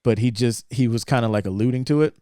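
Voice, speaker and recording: A young man talks through a movie scene in loose, rambling podcast chat, now and then slipping into the characters' lines. His voice is smooth and resonant, at a middle pitch. It sounds close and dry, with no room around it. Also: fast talker, no room sound. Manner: rambling, animated retelling with quoted lines. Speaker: podcast co-host. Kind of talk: casual film discussion.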